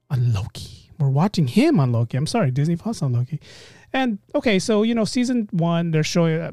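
A man hosting a casual solo podcast, talking in an animated, rambling way and often cutting himself off mid-thought. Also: a little high, no echo, studio quality. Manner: animated, rambling, self-interrupting. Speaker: podcast host.

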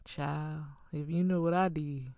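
A woman's voice: sits low, steady tone, measured pace, warm tone, no echo, studio quality. A woman preaching her own testimony with fervent feeling, repeating phrases for emphasis and calling listeners "child" and "honey". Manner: laughs between lines.

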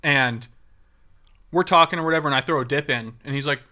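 Young man telling a bright, lively story. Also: on the high side, brisk. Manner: animated storyteller acting out quotes, swears freely. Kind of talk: casual storytelling chat.

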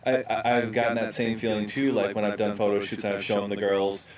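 A man's voice: on the low side, level tone, a little fast, recorded from a distance. A man hosting a podcast outdoors at his house, rambling in a casual way with plenty of fillers. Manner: rambling, conversational, many fillers. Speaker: podcast host, photographer.

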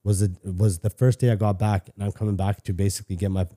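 A middle-aged man from Canada recounts a personal story on a podcast in a low, very mellow voice. He talks candidly, swears freely and often stops and restarts his sentences. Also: little pitch movement, fast talker. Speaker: podcast guest. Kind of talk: casual storytelling.

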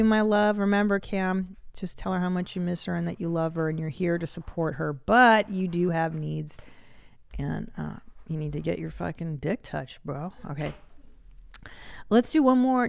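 Gravelly-voiced profane woman host. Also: on the low side, brisk. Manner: profane, laughs often, animated. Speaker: podcast host. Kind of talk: casual comedic chat.

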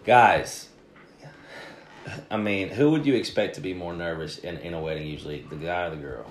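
A man who is a pastor, chatting as a podcast guest and telling stories in an animated way. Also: low-pitched, normal speed, a little hiss or hum. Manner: animated storyteller. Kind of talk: casual interview chat. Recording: echoey room.

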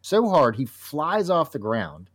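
A man co-hosting a casual comic book talk show, animated and laughing often as he reads panels aloud. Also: on the high side, slow pace. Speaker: podcast co-host.

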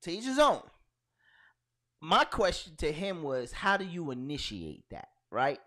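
A man co-hosting a casual podcast, his pitch swinging widely as he rants. He tells stories in a loud, profane, animated way. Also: unhurried. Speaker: podcast co-host. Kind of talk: casual banter.

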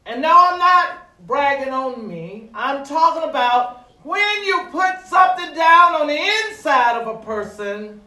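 Roomy, distant preacher man with pauses. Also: very high-pitched, lively intonation. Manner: drawn-out dramatic pauses, rising to shouts. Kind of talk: sermon with call-and-response. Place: church sanctuary. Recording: echoey room, voice from afar.

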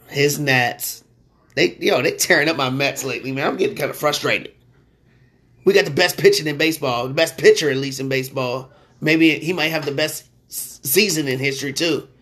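A man hosting a sports podcast in a casual, slangy way, getting loud and excited when he rants. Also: a little high, normal speed, vocal fry.

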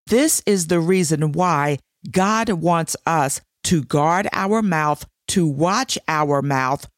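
A woman's voice: deep voice, dry recording, clean studio sound. A woman hosting a devotional show, teaching scripture with emphatic, repeated declarations.

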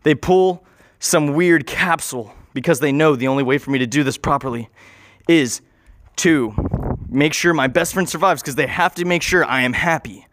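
A man improvising an absurd story in a rambling, excitable way, swearing and acting out the scenes. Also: a little high, moderate pace.

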